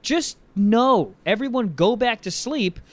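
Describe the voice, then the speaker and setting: A young man co-hosting a podcast, chatting casually and crudely with a rambling, animated manner. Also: very high-pitched, slow, no room sound. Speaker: podcast co-host. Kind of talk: casual comedic chat.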